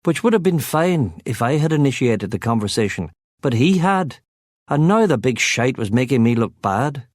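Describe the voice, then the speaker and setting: A man's voice: mid-range voice, very animated, moderate pace, no room sound. A man narrating a first-person crime novel as an audiobook, with a wry, sardonic delivery on a close studio mic.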